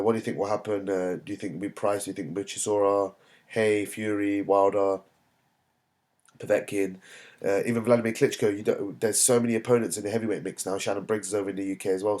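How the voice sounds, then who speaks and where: A man hosting a boxing commentary vlog, talking alone in a halting way with many fillers and restarts. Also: lowish voice, little pitch movement, a little mellow. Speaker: boxing channel host.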